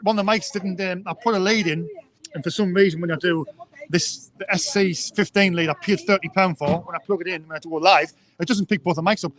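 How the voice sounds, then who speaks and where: High-voiced chatty man. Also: fairly bright tone. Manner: chatty, rambling, repeats words. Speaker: live stream host. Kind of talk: casual live chat. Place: outdoors, windy. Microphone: handheld mic.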